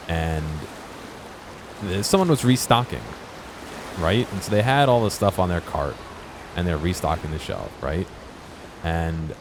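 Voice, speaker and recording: A gaming streamer chatting casually over gameplay in a very deep voice. He swings his pitch widely while telling stories and swears freely. Game noise sits clearly in the background. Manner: animated storytelling, swearing. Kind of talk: casual let's-play chat. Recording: noisy game-capture mix.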